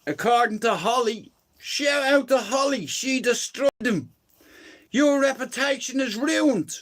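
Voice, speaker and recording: Man, live stream rant, crude and mocking, high voice, unhurried delivery. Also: a bit bright. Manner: crude, mocking, profane ranting.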